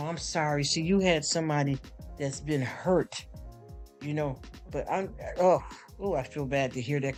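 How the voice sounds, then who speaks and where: Stream host, male, AAVE speech, emotional and sympathetic, higher-pitched voice, faint music underneath. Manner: emotional, sympathetic, repeats himself with many restarts. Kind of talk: casual live stream chat. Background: soft background music.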